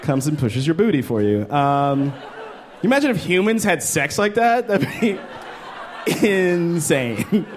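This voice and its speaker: A man in his thirties performing a stand-up comedy set on a club stage into a handheld mic, animated and jumping into character voices. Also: measured pace, a little hiss or hum. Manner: animated, jumps into high-pitched character voices.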